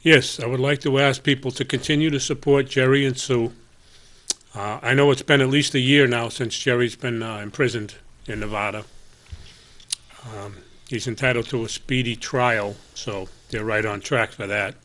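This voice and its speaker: A man co-hosting a local cable talk show, speaking bluntly with some sarcasm and often trailing off quietly. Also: medium pitch, fairly even intonation, moderate pace. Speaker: co-host. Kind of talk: casual public-access talk show.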